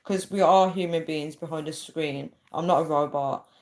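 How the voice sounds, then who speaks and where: A woman's voice: low-pitched, fairly even intonation, normal speed, darkish tone. A young woman chatting casually on a livestream, reading out viewer comments and laughing often. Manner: laughs a lot, chatty, reads viewer names aloud. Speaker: livestream host.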